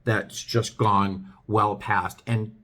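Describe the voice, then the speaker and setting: A middle-aged man talking to his viewers in a vlog, earnest and hesitant, with many pauses and restarts. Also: on the low side, little pitch movement, a bit bright. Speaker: vlogger. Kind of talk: talking to camera, heartfelt chat.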